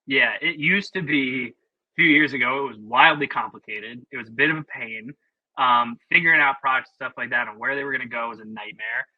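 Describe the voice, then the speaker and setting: A man's voice: mid-range voice, a little fast, no echo, dull audio. A man presenting a webinar in a casual, chatty, opinionated way with plenty of fillers, over a video call.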